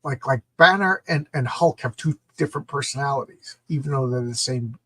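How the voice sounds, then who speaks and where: A man's voice: medium pitch, a little fast, bright, forceful tone, husky, no room sound. Middle-aged man, comic review vlog, enthusiastic, rambling, dry close sound. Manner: enthusiastic, rambling, repeats words.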